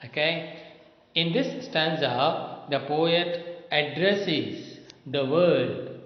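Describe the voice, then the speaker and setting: A male literature lecturer with a slightly raised voice speaks at a slow, measured pace, padding his points with "you know" and "okay". His voice rings in a reverberant room on a dull, lo-fi recording. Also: on the high side. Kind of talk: classroom lecture explaining a poem.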